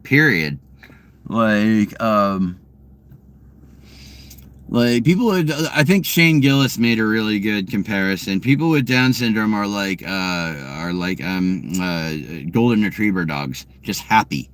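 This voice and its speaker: A man's voice: lowish voice, expressive, a little slow, fairly bright tone, clean tone. A man vlogging from his car, telling a casual story in a rambling, profane way full of fillers and restarts.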